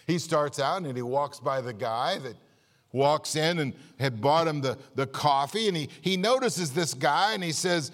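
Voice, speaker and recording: A man pastor preaching a sermon, telling a joke-filled story in a lively way and often repeating words. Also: a little high, measured pace, long reverb tail. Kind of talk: sermon with jokes. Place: church.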